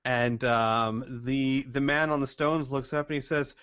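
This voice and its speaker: A man of middling pitch running a tabletop game as game master. He lays out each scene step by step with frequent hesitations. His voice comes through a dull, lo-fi call recording. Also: steady tone, a little slow, a bit bright, smooth.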